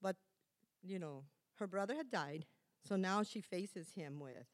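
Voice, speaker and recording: A woman's voice: lowish voice, lively intonation, a little slow. A middle-aged woman preaching a conversational sermon, chatty and self-correcting, laughing at herself now and then.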